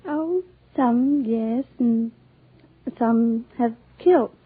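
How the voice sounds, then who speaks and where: A woman's voice: fairly high pitch, very slow, very noisy. A woman from Scotland, a contestant on a radio quiz show, answering in a shy, hesitant way and giggling often. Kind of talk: unscripted interview answers. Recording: tinny old radio broadcast with studio audience.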